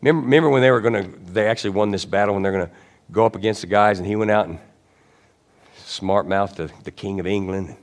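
A pastor giving a sermon in a chatty, rambling way, with asides and self-corrections, sometimes acting out quoted lines. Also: male voice, fast talker. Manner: conversational preaching, acts out quotes with rising pitch and shouts.

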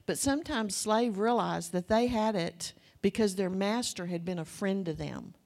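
A woman's voice: medium pitch, moderate pace, vocal fry, darkish tone. Southern woman teaching a folksy sermon. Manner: conversational, anecdotal, folksy asides. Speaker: Bible teacher.

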